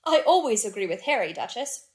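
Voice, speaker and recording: Woman reading as a charming young Victorian gentleman. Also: a little high, sing-song, fairly quick. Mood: light.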